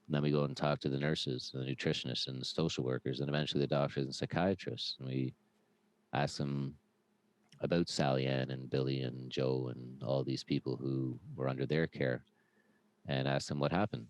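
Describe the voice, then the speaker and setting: A man's voice: rumbling low, moderate pace, no echo, rough recording. A man speaking earnestly as a podcast guest, telling stories with lots of restarts and fillers. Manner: earnest, animated storytelling with many restarts. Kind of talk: casual podcast conversation.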